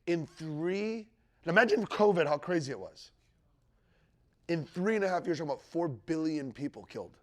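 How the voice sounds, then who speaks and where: In a teaching room before a live audience, a man explains biblical end-times teaching in a conversational way, checking in with the room as he goes. His slightly high voice is expressive and moderately paced, and his scripture quotes build in emphasis.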